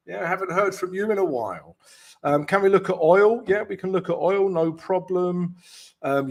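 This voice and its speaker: A man hosting a live forex stream, chatting loosely with viewers, greeting them and walking through his charts. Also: on the high side. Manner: chatty, loose, keeps calling viewers "guys", light jokes. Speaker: forex trading coach and live stream host.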